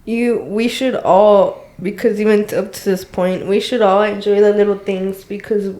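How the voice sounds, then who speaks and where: A woman who is a guest on a casual podcast, speaking in a soft, reflective and emotional way. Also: mid-range voice, steady tone, normal speed. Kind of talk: heartfelt casual chat.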